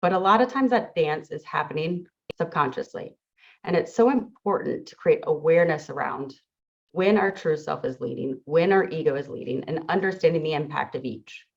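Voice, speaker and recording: A middle-aged woman, a teacher and coach, gives an earnest, reflective motivational talk to an audience in a low voice at normal speed. The sound is dull and lo-fi.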